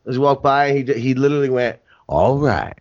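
A man's voice: medium pitch, flat delivery, quick pace, clean tone, dry recording. A man co-hosting a casual podcast, telling stories in a crude, wry, joking way. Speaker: podcast co-host. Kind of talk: casual chat. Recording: dull lo-fi podcast audio.

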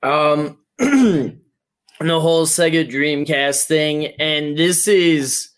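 A man co-hosting a podcast, talking casually with frequent pauses and fillers. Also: a little high. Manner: halting, full of "like" and "um". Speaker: podcast co-host. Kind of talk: casual chat.

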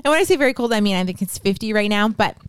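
A woman co-hosting a casual travel podcast at home, agreeable and quick to laugh. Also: medium pitch, expressive, crowd noise. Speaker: podcast co-host. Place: home room.

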